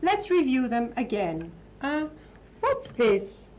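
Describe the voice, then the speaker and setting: A woman's voice: high voice, sing-song, slow pace, darkish tone, slight background noise, rough recording. A woman hosting an English lesson for Italian learners, chatting and explaining, now and then translating into Italian. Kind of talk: casual classroom teaching.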